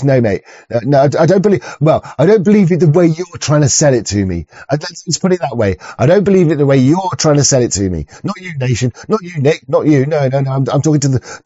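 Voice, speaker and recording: Man, fairly high voice, mellow tone, dry lo-fi sound, profane stammering ranter. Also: slightly rough, dry recording. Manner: profane, stammering, rambling rant. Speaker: streamer reacting to videos. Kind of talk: ranting reaction commentary.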